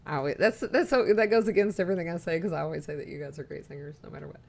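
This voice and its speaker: A woman's voice: low-pitched, rapid-fire, gravelly, darkish tone. A woman live streaming, chatting casually and rambling, reading viewer messages aloud as she talks.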